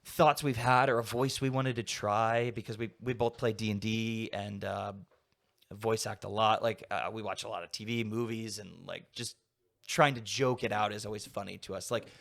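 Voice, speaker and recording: A young man with a slightly low voice rambles easily through a casual podcast conversation, leaning on filler words as his thoughts wander. He sounds like a relaxed guest chatting with a friend. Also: moderate pace, creaky. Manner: rambling, heavy use of "like" fillers.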